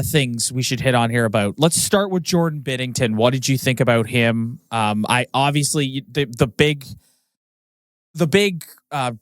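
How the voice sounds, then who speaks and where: A man co-hosting a hockey podcast, analyzing the game in a measured, casual way. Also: medium pitch, no room sound, studio quality. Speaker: podcast co-host.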